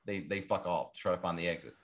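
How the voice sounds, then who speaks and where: A man co-hosting a casual film podcast, excitedly recapping scenes, acting out characters' lines and swearing freely. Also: low voice, fast. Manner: animated storyteller, acts out quotes, swears freely. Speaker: podcast co-host. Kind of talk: casual movie podcast chat.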